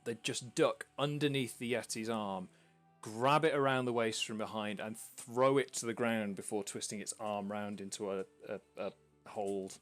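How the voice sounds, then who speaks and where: A man's voice: fairly low pitch, steady tone, normal speed, faint music behind. A man narrating a tabletop game as dungeon master, in a casual, chuckling way.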